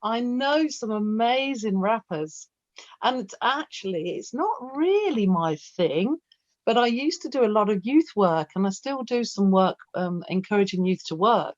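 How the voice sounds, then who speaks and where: A woman's voice: medium pitch, unhurried, no echo. Lady poet rambling on about performing, dull muffled call sound. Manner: chatty, rambling, animated storyteller. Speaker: featured poet. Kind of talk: casual Q&A talk about performing poetry. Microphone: video call. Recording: dull lo-fi video call audio.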